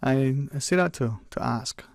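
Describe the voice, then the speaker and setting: A male radio talk show host chats easily with callers on a call-in show, frequently restarting his sentences. His mid-range voice has vocal fry and moves at a normal speed, picked up on a close studio mic with no echo.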